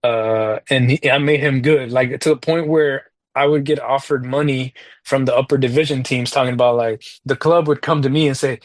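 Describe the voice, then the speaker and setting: A man's voice: medium pitch, fairly even intonation, normal speed, no echo. A man, a parent, chatting casually on a podcast, telling a long story with lots of fillers and slang. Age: adult parent. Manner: rambling, loose delivery full of fillers and slang. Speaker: podcast co-host talking soccer video games.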